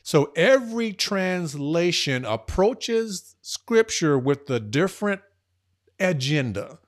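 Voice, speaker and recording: An earnest man talking as a podcast guest, with a voice a touch high for a man. He presses his points with emphasis, rushing some phrases and stretching others out slowly. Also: very animated. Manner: earnest and emphatic, speeding up and slowing down. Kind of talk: casual conversational podcast talk.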